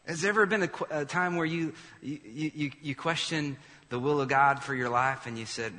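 A male pastor preaching a sermon in an animated, emphatic way, with quick asides to the congregation. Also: on the high side, long reverb tail.

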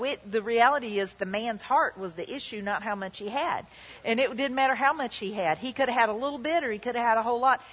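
A woman's voice: medium pitch, a bit bright, breathy edge. Woman preaching in a reverberant hall. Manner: emphatic preaching, voices the tempter's lines in quotes. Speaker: pastor. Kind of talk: sermon. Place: church hall. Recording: long reverb of a church hall.

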